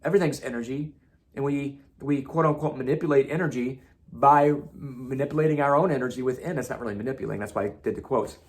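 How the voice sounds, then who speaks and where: A man's voice: medium pitch, fast talker. A man giving an emphatic spiritual self-help monologue, repeating himself and swearing casually. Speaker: motivational speaker.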